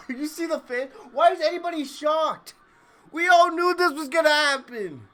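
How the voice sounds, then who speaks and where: Brief: man, very high bright voice, brash excitable wrestling reactor, laughs a lot. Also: measured pace, long pauses. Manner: excitable, brash, laughs often, trash-talks. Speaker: wrestling YouTuber. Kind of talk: live reaction commentary.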